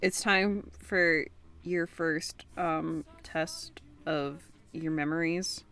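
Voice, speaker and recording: A woman's voice: deep voice, steady tone, very slow, a bit bright, no echo. A woman acting as game master, teasing her players in casual chat and swearing freely.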